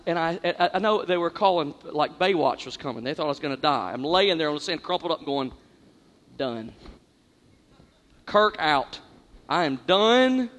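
A man doing stand-up, telling a long story in an animated, exaggerated way, jumping from loud bursts to hushed asides. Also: sits high, in a large hall. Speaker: comedian.

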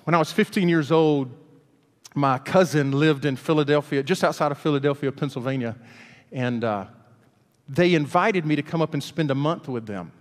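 A man from Alabama, preaching a storytelling sermon in a folksy, animated way. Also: on the high side, normal speed. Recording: long hall reverb.

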